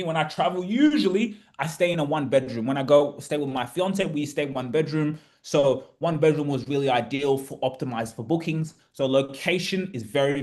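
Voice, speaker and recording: A man hosting an investment webinar, talking in a casual, animated and passionate way, now and then swearing. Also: fairly high pitch. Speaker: webinar host.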